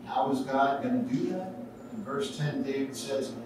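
A man's voice: medium pitch, moderate pace. Man preaching in an echoey church. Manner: storytelling with acted-out voices and rising intensity. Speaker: pastor. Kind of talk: sermon. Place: church sanctuary. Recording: echoey church sanctuary, from far off, faint noise.

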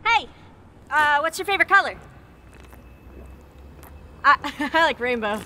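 A woman's voice: high-pitched, animated, unhurried, pushed and bright, slight background noise, heavily acted. A woman playing a bubbly scatterbrained fairy. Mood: eager. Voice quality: bubbly, chirpy and eager. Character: perky naive female fairy, crafty and scatterbrained. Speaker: Funnelmare. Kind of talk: comedy web series acting.

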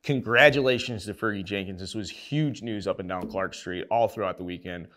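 A man's voice: on the low side, a little fast. Rowdy, profane sports-rant man. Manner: profane, excitable, rambling. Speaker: show host.

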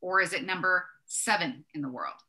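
A woman with a fairly low, sharp-toned voice co-hosts a wine tasting at a moderate pace. The chat is casual; she is chatty, fixes her own slips as she goes, and shows enthusiasm for the labels.

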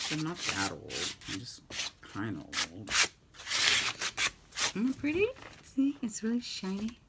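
With an extremely low pitch that swoops wildly, vocal fry and frequent pauses at a normal speed, a middle-aged craft vlogger talks casually as she paints. She rambles, mocks herself and often whispers asides. Her home craft room has the window open, and loud crafting noise of sanding, rubbing and clicking is heard throughout.

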